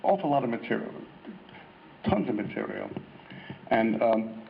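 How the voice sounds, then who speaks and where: A man's voice: fairly low pitch, lively intonation, a little slow, gravelly. An older American man giving a rambling, anecdotal talk at a convention, often restarting his sentences. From United States. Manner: rambling storyteller with frequent restarts and hesitations. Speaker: guest author giving a talk. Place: convention hall. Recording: lo-fi hall recording with faint noise.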